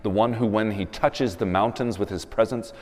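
A man's voice: on the low side, normal speed, a little mellow. A man in his thirties preaching a sermon, telling stories and building to emphatic appeals. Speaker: pastor. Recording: long reverb of a church hall.

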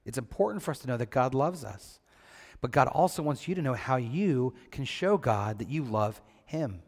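A man, a pastor, reads a scripture passage and then gives a children's sermon. He asks the kids questions and answers them himself, and he slows down on the key points. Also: medium pitch, expressive, a little mellow, in a large hall. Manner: slow and deliberate on key points.

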